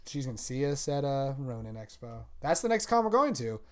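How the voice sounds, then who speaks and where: A man's voice: mid-range voice, very animated, brisk. A young man hosting a podcast in casual chat, enthusiastic and full of slang. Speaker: podcast host.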